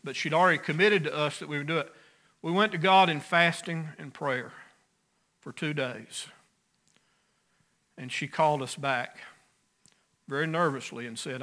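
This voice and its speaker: A pastor preaching a sermon, earnest, rising loud on key phrases and dropping soft. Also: male voice, a little high, moderate pace, pauses often.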